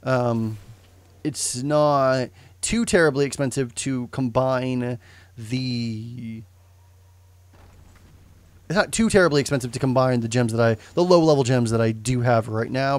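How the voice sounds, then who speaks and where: A man's voice: mid-range voice, measured pace, no room sound. A young man giving casual, rambling commentary on a game he streams, often correcting himself and tossing in jokes. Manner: rambling, self-correcting, joking asides.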